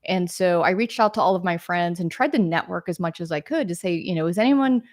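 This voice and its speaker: A woman in her forties with a lowish, darkish voice talks briskly in a clean studio recording with no room sound. She's a games marketer appearing as a podcast guest, casually recounting her career in a rambling interview full of tangents and fillers.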